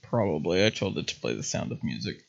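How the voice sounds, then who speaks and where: A man's voice: sits low, sing-song, fast, creaky. A man hosting a livestream, chatting casually and laughing often while he paints. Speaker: livestream host. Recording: muffled lo-fi stream audio.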